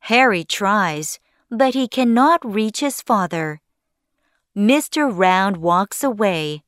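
A woman narrating a children's story slowly in short, clearly spaced sentences. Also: mid-range voice, lively intonation, fairly bright tone, no echo, studio quality.

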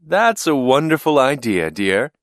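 A man voicing a gentle, caring mother. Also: mid-range voice, sing-song, measured pace, no room sound, clean studio sound, voice pushed up. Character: friendly woman, the boy's caring mother.

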